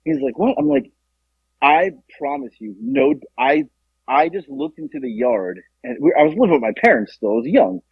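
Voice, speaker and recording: Young male podcast co-host, husky, animated storyteller who acts out the voices. Dull, dry lo-fi sound. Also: moderate pace, no echo. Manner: animated, acts out quotes with jumps in pitch. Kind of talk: casual storytelling.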